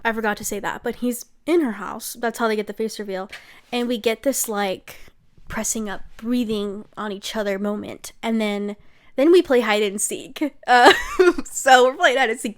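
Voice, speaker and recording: A woman giving a casual book recap with a chatty, sarcastic manner, often breaking into giggles. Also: a little high. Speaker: book reviewer.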